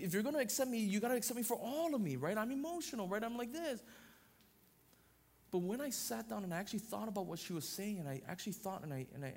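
Loud, expressive male preacher. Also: high voice. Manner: loud, expressive preaching with frequent "right?" asides. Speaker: pastor. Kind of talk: sermon.

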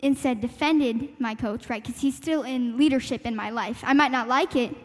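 High-voiced young woman in a reverberant hall. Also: moderate pace. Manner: reflective, laughs lightly, talks through her thoughts with fillers. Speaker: panel speaker sharing a testimony. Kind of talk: earnest church youth talk.

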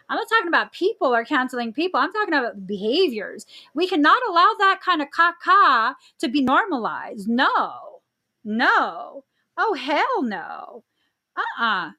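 A young woman hosting a podcast in casual chat, expressive, with frequent laughs and exclaimed reactions. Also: sits high. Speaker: podcast host.

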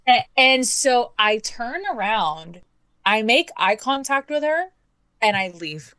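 A woman co-hosting a podcast, telling stories in a casual, animated way and swearing often. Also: a little high, slow, clear, resonant tone, dry recording. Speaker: podcast co-host. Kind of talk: casual chat.

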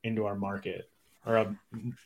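Easygoing man, halting casual speech. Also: fairly low pitch, level tone, a little mellow. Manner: easygoing, stumbles and repeats words. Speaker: guest, snake breeder. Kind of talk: casual chat.

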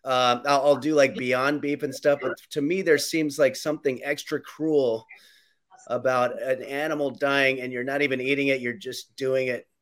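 A man's voice: mid-range voice, fairly even intonation, normal speed, a bit bright. A man hosting a casual chat, rambling and self-mocking, often laughing.

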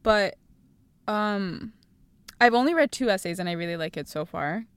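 A woman in her twenties co-hosting a casual podcast chat, animated, laughing often and acting out quotes. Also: mid-range voice, normal speed, clear, resonant tone, dry recording. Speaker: podcast co-host.

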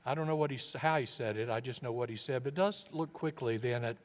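A male pastor delivering a sermon in a middle-pitched, earnest voice. He muses aloud and often lowers his voice to a near hush. The recording trails off into the long reverb of a large hall. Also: fast talker.

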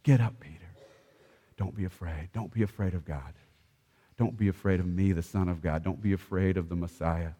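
A gentle, soft-spoken Jesus voiced by a male preacher mid-sermon comforts a frightened follower in hushed, tender tones. Long hall reverb hangs around each quiet word. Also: mid-range voice, a little fast, hardly any pauses, natural voice.

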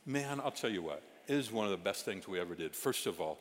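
Low-voiced male pastor preaching in a reverberant hall. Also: quick pace, hardly any pauses. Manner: animated, swings from loud exclamations to hushed asides. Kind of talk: storytelling sermon. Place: church sanctuary.

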